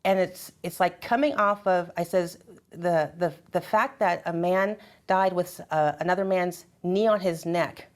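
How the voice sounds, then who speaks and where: A woman in a group conversation at her church, telling a personal story with animated, emotional delivery and acting out dialogue. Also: lowish voice, unhurried. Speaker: church member sharing experiences.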